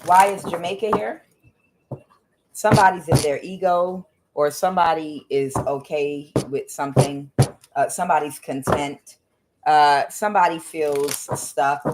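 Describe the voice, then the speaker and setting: Casual tarot reader with a mid-pitched voice, rambling and blunt, faint noise behind. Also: fairly even intonation, a little slow. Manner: rambling, filler-heavy, blunt.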